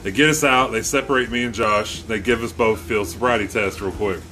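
Speaking a little fast in a lowish voice, a man animatedly recounts a profanity-laden story, performing the quotes of its characters. Faint music plays behind him.

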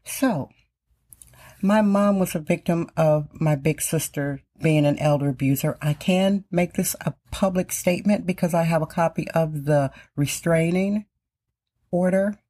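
A woman's voice: deep voice, unhurried, warm tone. A middle-aged woman from Wisconsin hosting her own podcast, talking emphatically and repeating phrases for stress. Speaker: podcast host. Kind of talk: casual podcast monologue.

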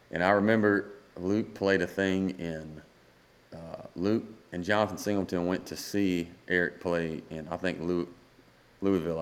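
A man, a guest singer-songwriter, telling a rambling story in a casual podcast chat and acting out the dialogue. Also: low-pitched.

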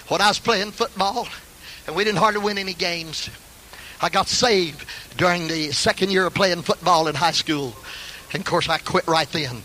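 An older man delivers a fervent sermon in a high, bright voice. He cries out hallelujahs and climbs to shouted peaks, and a faint hum of the room sits behind him. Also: moderate pace, low-quality recording. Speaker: pastor.

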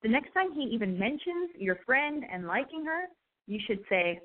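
A woman's voice: on the high side, sing-song, moderate pace. American woman, advice podcast host, chatty and blunt, tinny phone-like sound. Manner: chatty, blunt, swears freely, acts out dialogue. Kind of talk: casual advice chat.

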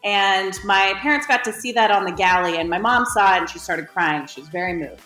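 A woman's voice: mid-range voice, brisk, sharp tone. A woman co-hosts a casual chat, laughing her way through anecdotes. Her voice rings in an echoey room, with faint music behind. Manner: chatty, laughing. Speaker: podcast co-host and author.

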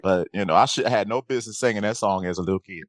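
A man's voice: fairly low pitch, racing, dry recording, clean studio sound. A man from Michigan, a guest on a podcast panel, exasperated and laughing, often crying out to the Lord. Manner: exasperated, laughing, churchy exclamations. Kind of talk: casual chat.

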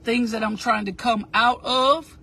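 Woman, motivational talk, bright high voice, slow repetitive preaching cadence. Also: steady tone, slightly rough. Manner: addresses listeners directly and asks them to repeat. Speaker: motivational speaker.

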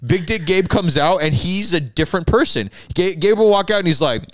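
A young man in his twenties co-hosting a casual podcast, telling stories about a friend and jumping into high, mocking voices to quote people. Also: brisk, no echo, clean studio sound. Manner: animated storyteller, jumps into high mocking voices when quoting friends. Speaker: podcast co-host. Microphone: studio podcast mic.

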